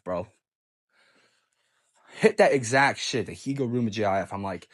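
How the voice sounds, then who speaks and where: A young man relates a personal story in a loose, profane storytime monologue. His pitch swings widely as he gets excited, and he often stumbles into repeated restarts. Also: normal speed, pauses often.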